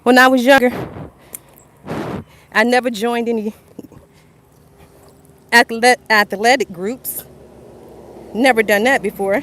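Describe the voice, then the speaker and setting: Speaking slowly with long pauses, this channel host has a fairly high, slightly bright voice and a steady tone. She's in her fifties, Southern-accented, and livestreams motivational talk outdoors from a phone propped up on a narrow roadside sidewalk. She chats straight to viewers, going over the same points again, while traffic faintly passes.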